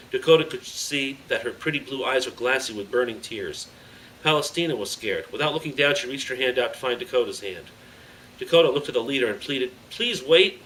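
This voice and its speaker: A man's voice: mid-range voice, a bit bright. A man hosting his own story show, reading a chapter of a children's adventure book aloud dramatically. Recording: slightly distant mic, faint background noise.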